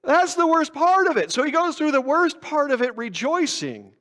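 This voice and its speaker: A man's voice: extremely high pitch, very animated, normal speed, a bit bright. A man preaching a sermon in a conversational, self-mocking way, asking his congregation rhetorical questions. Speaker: pastor. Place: church sanctuary. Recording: long church reverb.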